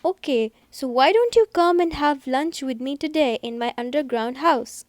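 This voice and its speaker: Casting: sly cunning fox, storybook read-aloud, high voice, wheedling, a woman plays it. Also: normal speed, dry recording, lightly acted. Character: cunning male fox, sly then frightened.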